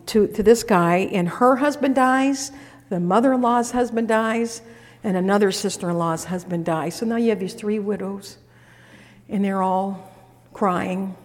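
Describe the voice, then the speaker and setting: A middle-aged woman preaches in a reverberant hall. Her storytelling is folksy and conversational, full of restarts. Her voice sits at a middling pitch. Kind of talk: sermon.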